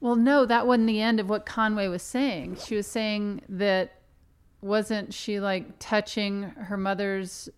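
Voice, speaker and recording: Smooth-voiced woman podcast co-host. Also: medium pitch, steady tone, takes it slowly. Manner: playfully defensive, thinking aloud. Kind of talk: casual chat.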